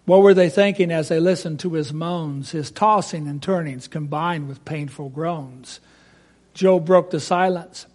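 High-voiced man reciting a rhymed Bible story. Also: a little slow. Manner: expressive, asks listeners questions.

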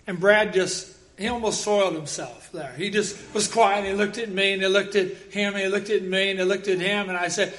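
A man preaching a sermon as pastor, telling personal stories in a lively way and bursting into loud acted quotes. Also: high-pitched, unhurried.

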